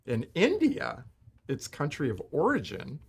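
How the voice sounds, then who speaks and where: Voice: mid-range voice, wildly swooping pitch, measured pace, vocal fry, slight background noise. A podcast co-host reading definitions aloud in casual chat and laughing easily.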